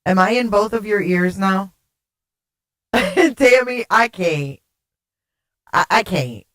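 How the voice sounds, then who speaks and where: A woman's voice: medium pitch, expressive, measured pace, a bit bright. Woman streamer with a glitchy alien-sounding voice changer. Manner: giggly, flustered, swears casually. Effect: glitchy voice changer making her sound alien. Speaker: livestream host. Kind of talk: casual livestream chat with viewers. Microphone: desktop streaming mic.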